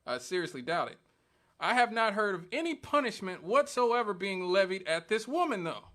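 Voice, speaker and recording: A man's voice: high-pitched, sing-song, normal speed, a bit bright. A male radio talk show host giving an emphatic, argumentative monologue, repeating points for stress. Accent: Northwest Indiana.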